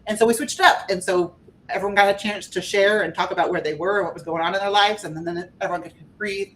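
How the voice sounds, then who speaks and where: A woman guesting as a spiritual life coach on a podcast, talking in a gentle, earnest, reflective way. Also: mid-range voice, fairly even intonation, fast, slight background noise. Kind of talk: podcast conversation.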